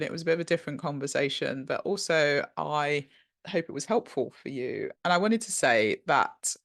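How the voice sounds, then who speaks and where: A British woman hosting a podcast, encouraging and appreciative as she wraps up an interview. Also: deep voice. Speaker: podcast host. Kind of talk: interview wrap-up and solo outro.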